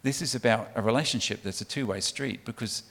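Here a guest speaker for a child sponsorship charity, a middle-aged Englishman, addresses a church congregation in a church hall. His mid-range voice is fairly quick and a bit bright, and he talks chattily with many ums and false starts. Everything rings with the long reverb of a big hall.

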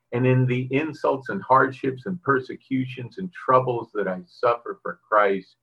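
A man's voice: mid-range voice, normal speed, creaky, few pauses, slightly rough, lo-fi sound. A middle-aged man preaching a sermon, reading scripture and telling a personal story in a conversational way with fillers and frequent asides to the congregation. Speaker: pastor.

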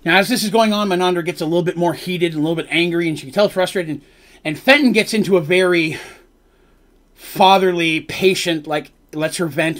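A man's voice: fairly high pitch, brisk, a bit bright. A man streaming as game master, rambling through a recap of his tabletop story and quoting the characters' lines. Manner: rambling, retells scenes with quoted lines.

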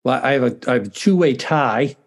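A man's voice: medium pitch, animated, brisk. A middle-aged man, a university dean, chatting as a guest in a casual interview, self-deprecating and often restarting his sentences.

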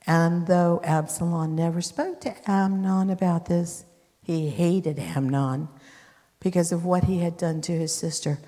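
A woman's voice: lowish voice, steady tone, measured pace, warm tone. A woman preacher retelling scripture in a sermon, emphatic with conversational asides. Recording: long hall reverb.

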